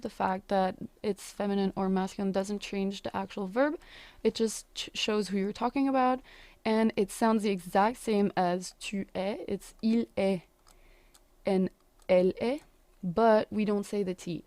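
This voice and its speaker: A young woman teaching French words in English, repeating each phrase slowly and carefully. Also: medium pitch, warm tone, no room sound. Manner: slow, careful pronunciation drills. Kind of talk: language lesson.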